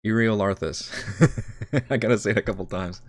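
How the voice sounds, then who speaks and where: A man's voice: lowish voice, steady tone, moderate pace, dry recording, studio quality. A man preparing his tabletop game on a live stream, talking casually, rambling and correcting himself. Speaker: dungeon master.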